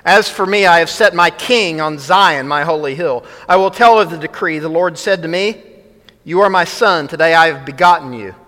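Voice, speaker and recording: A man's voice: on the high side, normal speed, bright, forceful tone. A man preaching a sermon as pastor, emphatic, repeating key phrases and reading scripture aloud. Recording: long reverb of a large hall.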